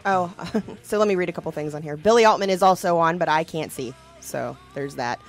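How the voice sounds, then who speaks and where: Woman from Philadelphia, podcast co-host, casual easygoing delivery, lowish voice, faint music behind. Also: a little fast. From Philadelphia, USA. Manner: easygoing, laughs often, reads from notes. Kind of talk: casual chat, reading listener comments.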